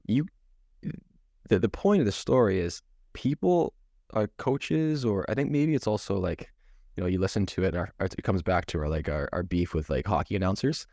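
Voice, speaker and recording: Low-voiced man in his thirties. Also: moderate pace, creaky, darkish tone, no echo, studio quality. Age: 30s. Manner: rambling and talkative, with many false starts and restarts. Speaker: goalie coach and podcast co-host. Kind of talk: casual podcast chat.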